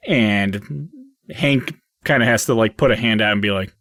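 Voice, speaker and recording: Low-voiced man running a tabletop game. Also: normal speed, a bit bright, no echo, studio quality. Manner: loose and hesitant, many fillers. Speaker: game master.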